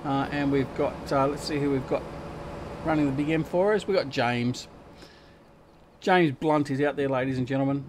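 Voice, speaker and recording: A man's voice: medium pitch, normal speed, darkish tone, slight background noise. An Australian man hosting a live gaming stream, chatting and joking with viewers as he plays. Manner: chatty and joking, reading out chat and answering viewers. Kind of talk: casual live-stream chat while gaming.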